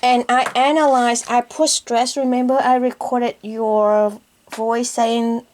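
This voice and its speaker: Vietnamese lady learning english, kinda high voice, slow and careful, asks lots of questions. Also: little pitch movement, darkish tone. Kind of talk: casual lesson chat.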